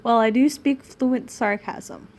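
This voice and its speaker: A woman's voice: a little high, slow, gravelly, a little mellow. A young British woman reading fanfiction aloud on a stream, stumbling over the lines and adding sarcastic asides.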